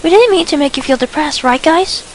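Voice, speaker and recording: A woman voicing a kind, caring teenage girl who speaks gently and sympathetically. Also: sits high, expressive, fairly quick, slight background noise, pitched above the performer's own voice. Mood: sympathetic.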